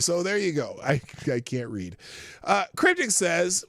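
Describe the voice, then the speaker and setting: A man's voice: high-pitched, wildly swooping pitch, measured pace, crowd noise, background noise. A man hosting a live stream in a casual chatty way, reading articles aloud and laughing often. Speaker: live show host.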